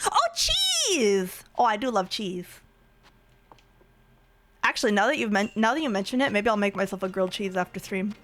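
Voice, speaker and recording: A woman's voice: mid-range voice, a little fast, pauses often, fairly bright tone, slight background noise. A woman streaming casually, playful and giggly, trying out silly voices between chatting with viewers.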